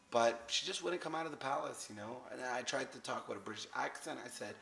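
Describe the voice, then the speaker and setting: Bright-voiced man, rambling chat. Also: mid-range voice, fast, gravelly, few pauses. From Canada. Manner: rambling, repeats words, relaxed. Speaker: host. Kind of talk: casual vlog showing travel photos.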